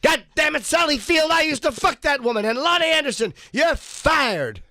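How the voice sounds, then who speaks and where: A man's voice: extremely high pitch, very animated, moderate pace, no echo, clean studio sound, pitched above the performer's own voice, full character voice. A man doing an irate aging movie star. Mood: furious. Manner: shouting, indignant. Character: gruff angry aging male movie star.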